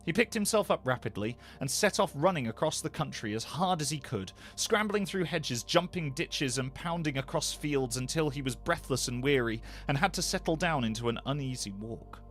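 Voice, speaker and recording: A male voice actor reading a bedtime story aloud, expressive and animated. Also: mid-range voice, moderate pace, few pauses, soft background music. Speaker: voice actor, narrator.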